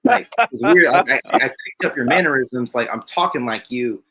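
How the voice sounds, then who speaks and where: A man, a guest on his brother's podcast, telling stories in an animated way and acting out quotes. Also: mid-range voice, normal speed. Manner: animated storyteller, acts out quotes. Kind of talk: casual conversation.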